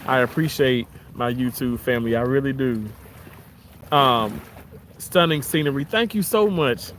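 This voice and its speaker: A man with a Southern American accent, chatting casually on a live stream outdoors by the water, warm and grateful as he reads out viewers' messages. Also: medium pitch, unhurried, slight background noise. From Southern United States. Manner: warm, grateful, chuckles often. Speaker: live-stream host reading chat.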